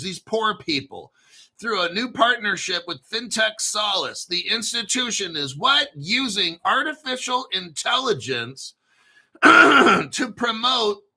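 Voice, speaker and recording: A man hosting a crypto video in a casual, blunt and profane rant, clearing his throat often. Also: high voice, sharp tone. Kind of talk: casual ranting commentary.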